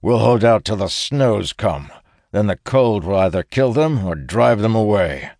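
A man's voice: fairly low pitch, animated, a little slow, dry recording, clean studio sound, voice pushed up. A man reading an audiobook, voicing a hot-tempered male captain who bellows with anger and confidence. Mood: confident. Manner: loud, confident, blustering.

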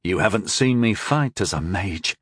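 A man's voice: on the low side, normal speed, breathy edge, no echo, studio quality. A man voicing a confident, easygoing young swordsman-mage who teases his opponents. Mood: grinning. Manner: relaxed, teasing.

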